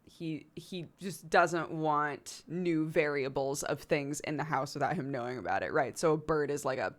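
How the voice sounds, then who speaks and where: A woman's voice: low-pitched, normal speed. A young woman who hosts a stream, telling a story casually and animatedly, filling her talk with "like" and laughs. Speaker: streamer host.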